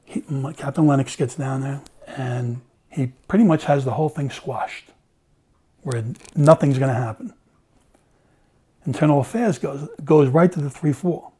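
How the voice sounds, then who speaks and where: A man's voice: mid-range voice, moderate pace, mellow, slightly rough. A middle-aged man, a former police officer, telling a story in casual conversation, acting out the dialogue and swearing freely.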